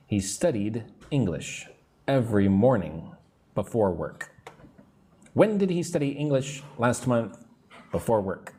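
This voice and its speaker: A male English teacher giving a live-streamed lesson. He speaks slowly and patiently and stretches out his words. His intonation swings up and down a lot as he reads out comments from viewers. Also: mid-range voice, a little mellow, slight background noise. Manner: drawn-out, patient teacher delivery.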